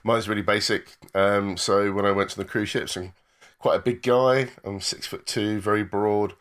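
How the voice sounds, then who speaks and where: Low-voiced laid-back man. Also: steady tone, moderate pace, a bit bright. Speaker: podcast co-host. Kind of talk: casual chat.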